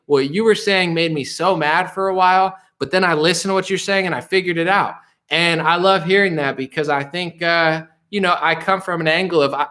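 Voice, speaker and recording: Reading viewer comments on his casual political live stream, a man with a fairly high, sharp voice responds loosely and ramblingly. He restarts often and tosses in dismissive asides.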